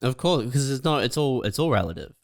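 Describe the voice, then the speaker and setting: A man's voice: mid-range voice, very animated, fast talker, no echo, clean studio sound. A young adult man co-hosting a casual comedy podcast, laid-back and laughing along, often saying "man". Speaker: podcast co-host.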